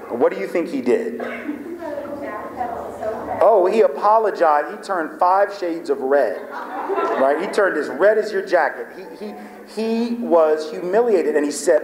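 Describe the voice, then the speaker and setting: Amid crowd noise, a fairly high-pitched man speaks in an animated but unhurried way as a guest speaker, telling a story to a live audience. He acts out dialogue and keeps asking "right?" in a lecture hall with long, echoing reverb.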